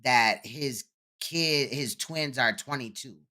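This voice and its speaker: A man's voice: medium pitch, slow pace, bright, forceful tone. A man hosting a livestream, talking through a played clip in a conversational, matter-of-fact way. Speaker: host commenting on a clip. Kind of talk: livestream commentary.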